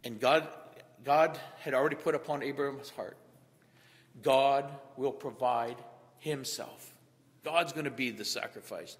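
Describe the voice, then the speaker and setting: A middle-aged man preaching a sermon as pastor, rising to loud emphatic peaks in an echoing church hall. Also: medium pitch. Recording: long hall reverb.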